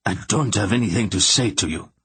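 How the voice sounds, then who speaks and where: A man's voice: on the low side, fairly quick, a bit bright, husky, dry recording. A man voicing an irritable, blustering little emperor who snaps indignantly in an audiobook. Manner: indignant, snapping.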